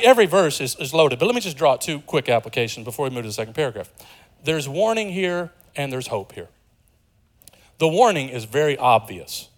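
A man preaching a sermon as pastor, emphatic and animated, acting out quotes with quick asides. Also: a little high.

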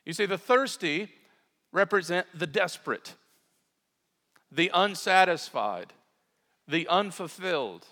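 In a sermon that echoes with a long reverb tail, as if in a large church hall, a male pastor speaks slowly and animatedly, pausing often. His slightly high voice sounds pushed and bright, hitting key words earnestly before easing into asides for listeners.

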